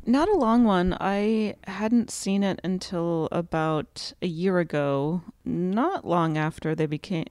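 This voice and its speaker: A woman's voice: on the low side, takes it slowly, hardly any pauses, darkish tone, dry recording. A woman co-hosting a podcast, chatting in a jokey, self-deprecating way. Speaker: podcast co-host. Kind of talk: casual chat.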